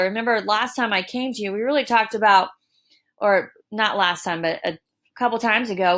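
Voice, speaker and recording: A woman teacher giving a recorded lesson, explaining deliberately with emphatic examples. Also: mid-range voice, a bit bright. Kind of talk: recorded distance-learning lesson. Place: home.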